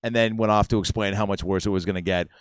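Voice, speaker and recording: A man's voice: on the low side, steady tone, fast, smooth, dry recording. A man hosting a podcast, telling a long story casually and acting out the quotes. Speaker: podcast host. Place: comedy club room.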